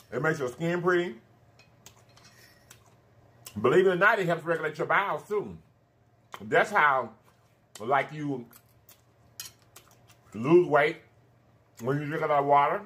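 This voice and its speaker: This thirty-year-old man hosts a casual mukbang, chatting with viewers between bites in a fairly high, lively, slightly bright voice. He draws out asides of "honey" and "baby" and hums while he eats.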